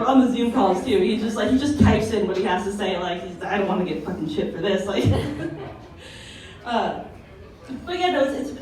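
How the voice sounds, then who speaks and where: Young woman, stand-up comic, crude chatty delivery, slightly high voice, very echoey room, distant mic. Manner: chatty and crude, heavy with "like" fillers. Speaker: stand-up comedian. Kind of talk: stand-up set at an open mic. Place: comedy club stage, indoors.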